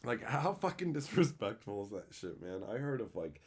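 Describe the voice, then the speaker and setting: A man chatting casually with his livestream viewers, crude and joking, swearing freely as he tells animated bits. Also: lowish voice, moderate pace, breathy edge. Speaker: streamer answering chat.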